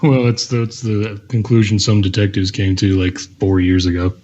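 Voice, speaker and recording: A man's voice: fairly low pitch, level tone, moderate pace, darkish tone. A man chatting on a movie podcast, making dry, brief remarks. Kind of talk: casual movie review chat. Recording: dull lo-fi sound.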